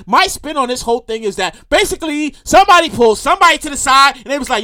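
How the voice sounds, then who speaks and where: A woman's voice: high voice, fast. A woman hosting her own show, ranting in casual commentary, swearing freely and acting out what people said. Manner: animated, profane, acts out quotes. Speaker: show host.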